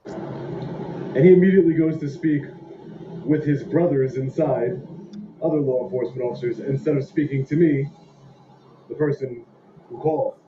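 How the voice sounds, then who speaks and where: Man, aggrieved complaint, roomy echo, loud background noise, dull sound. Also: mid-range voice, normal speed, pauses often. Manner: aggrieved, indignant. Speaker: self-styled auditor in a video clip. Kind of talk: complaining to camera. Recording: echoey lo-fi clip with background noise.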